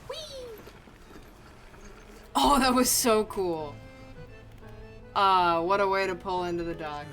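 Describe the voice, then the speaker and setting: A woman's voice: mid-range voice, slow, a bit bright, faint music behind. A woman streamer giving casual, joking commentary as she plays, swearing freely and talking to herself.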